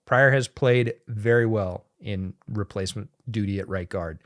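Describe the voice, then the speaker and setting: A man co-hosting a football talk, chatting conversationally about line play with quick asides. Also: lowish voice. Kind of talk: casual sports analysis chat.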